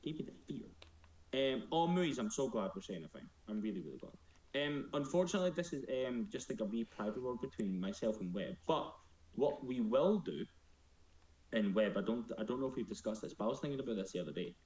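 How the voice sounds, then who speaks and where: A man's voice: mid-range voice, lively intonation, quick pace, a little mellow, reverberant, a little hiss or hum. A man chatting casually on a live stream, joking and teasing himself. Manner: playful, joking, self-mocking.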